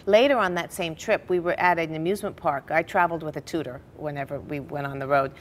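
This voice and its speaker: A middle-aged woman telling family stories in a television interview, animated and laughing now and then. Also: sits low, quick pace. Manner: animated storyteller, laughs through her stories. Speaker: interview guest. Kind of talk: personal storytelling in a TV interview.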